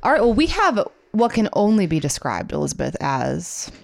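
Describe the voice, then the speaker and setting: A woman's voice: medium pitch, normal speed, vocal fry. A young woman co-hosting a casual podcast chat, keeping the conversation moving. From has kids. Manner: lively, drives the conversation along. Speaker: podcast co-host.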